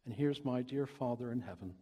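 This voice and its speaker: A man doing a devout old Cornish countryman, telling his tale in thick rustic dialect. The voice is husky and breathy, and it rings out with a long echo through a big church hall. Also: medium pitch, brisk, dark tone, natural voice. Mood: earnest, indignant. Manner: folksy, earnest storytelling in rustic dialect. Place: church during a service. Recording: long reverb of a large hall.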